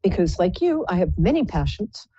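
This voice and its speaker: A woman's voice: fairly low pitch, big pitch swings, normal speed, muffled recording. A woman hosting a live psychic call-in show, chatting in a playful, rambling, self-mocking way. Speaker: psychic radio show host.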